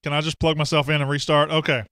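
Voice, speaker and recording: A man's voice: a little high, flat delivery, fast talker, fairly bright tone, slight background noise. A man hosting a casual live sports talk show, rambling and self-deprecating as he greets viewers by name.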